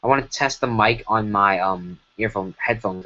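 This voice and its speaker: A man's voice: fairly low pitch, brisk, hardly any pauses, pushed and bright. Rambling man on a dull lo-fi mic. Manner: rambling, self-correcting, many fillers. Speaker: streamer animating. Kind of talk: casual livestream commentary. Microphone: broken computer mic.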